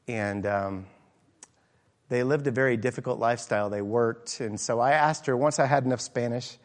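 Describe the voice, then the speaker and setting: Earnest preaching man in a reverberant hall. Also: medium pitch. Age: middle-aged. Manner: earnest, with many fillers and restarts. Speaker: pastor. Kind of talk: sermon.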